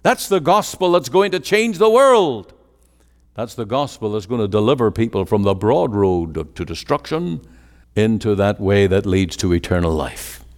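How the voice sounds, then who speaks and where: A man's voice: lowish voice, animated, normal speed. A man preaching a sermon with an emphatic, rising and falling cadence. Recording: long hall reverb.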